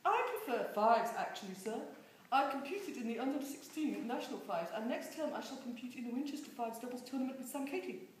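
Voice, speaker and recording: A woman's voice: a little high, animated, fairly quick, distant mic, slight background noise, voice pushed up, lightly acted. A woman voicing a tall, prim schoolboy cousin who answers in a stiffly polite, formal way. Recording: very echoey room.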